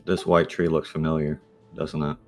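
A man playing his character in a tabletop game, calm and measured. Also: a bass voice, faint music behind. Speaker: player. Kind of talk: in-character role-play.

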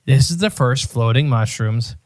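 A man's voice: medium pitch, moderate pace, a little mellow, no room sound, clean studio sound. A man co-hosting a podcast, rambling and joking in casual banter. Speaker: podcast co-host.

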